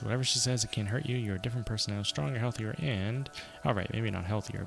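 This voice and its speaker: Gravelly-voiced man reading a game aloud. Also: lowish voice. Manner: reads narration aloud and reacts with quick asides. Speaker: streamer. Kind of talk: reading game text aloud with casual commentary. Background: game music.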